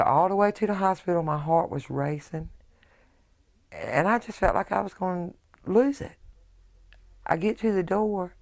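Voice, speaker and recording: A middle-aged woman, a widow giving emotional personal testimony in a halting way, full of quoted dialogue. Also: deep voice, gravelly, a little mellow. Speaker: widow telling her story.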